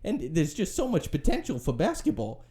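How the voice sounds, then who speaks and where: A man's voice: high voice, a little fast, voice pushed up. A man putting on a giddy fan voice. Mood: gushing. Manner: excitable, gushing, talks over himself. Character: giddy middle-aged male fan calling to his wife. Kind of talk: comic put-on character voice.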